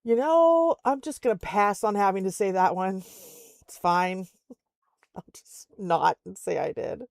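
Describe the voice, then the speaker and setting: Speaking slowly with vocal fry, this woman has a medium-pitched, slightly mellow voice, recorded at studio quality without room sound. She's an older storyteller chatting casually while streaming a game from her Alaska home, laughing a lot and imitating others' voices.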